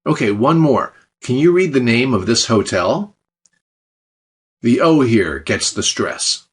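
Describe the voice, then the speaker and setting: Husky man narrating a language lesson. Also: medium pitch, lively intonation, slow. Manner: explanatory, with light dry jokes. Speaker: language teacher. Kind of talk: scripted instructional narration.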